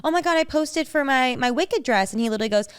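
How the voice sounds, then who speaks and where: Woman, podcast co-host, casual storyteller, smooth tone, dry studio sound. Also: high voice, expressive, fast talker, no echo. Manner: chatty storytelling with many fillers. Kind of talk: casual chat.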